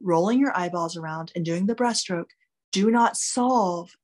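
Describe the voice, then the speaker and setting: A woman talking candidly in a casual podcast conversation, explaining with animated emphasis and free swearing. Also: lowish voice, measured pace. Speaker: guest expert.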